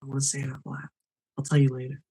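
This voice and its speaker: A man's voice: mid-range voice, completely flat delivery, rapid-fire, vocal fry, warm tone, slightly rough. A man hosting a live stream, chatting in an upbeat way and reading names from the chat.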